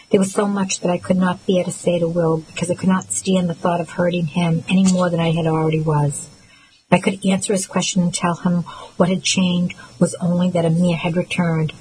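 A woman reading a first-person novel aloud as an audiobook narrator, in a measured, steady way. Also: on the low side, a little hiss or hum, poor audio.

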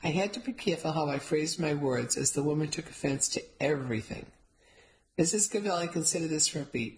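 A woman reading a first-person story aloud as narrator, wry and lively. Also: low-pitched, fairly quick, rough recording. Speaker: audiobook narrator.

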